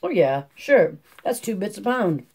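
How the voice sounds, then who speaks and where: A man's voice: high voice, sing-song, unhurried, a little mellow, slightly rough, pitched above the performer's own voice, full character voice. Man voicing a sly, giggly store clerk. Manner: giggly, sly, glib drawl.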